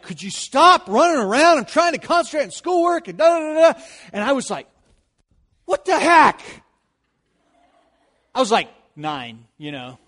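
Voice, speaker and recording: A male pastor delivering a sermon in a fairly high voice. He moves between hushed, serious points and energetic, animated storytelling. The sound carries a long reverb from a large hall. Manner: animated storytelling, rising loud in anecdotes.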